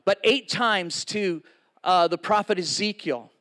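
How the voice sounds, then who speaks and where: A man's voice: sits high, unhurried, pushed and bright. A man in his sixties preaching a sermon to a congregation, casual and joking, with frequent asides to the audience. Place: in front of a live congregation.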